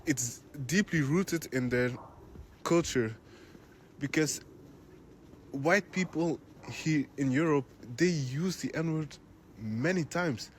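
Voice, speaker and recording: A man calmly recounting personal experiences to camera, with some hesitation. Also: a little high, slow pace, pauses often, slight background noise.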